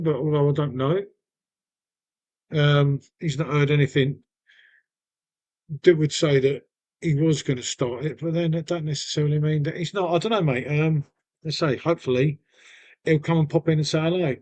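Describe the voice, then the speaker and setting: A man talks loosely to his live stream viewers. His voice sits a little high, and he rambles from one thought to the next, calling everyone mate. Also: normal speed, a little mellow. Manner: rambling, chatty, says mate often. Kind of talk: casual live stream chat.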